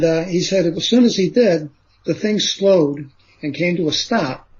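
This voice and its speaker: Man, interview guest, fairly high voice, rambling storyteller, lots of fillers, dull lo-fi radio sound. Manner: rambling, full of fillers and "he says" asides. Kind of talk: recounting a story in conversation.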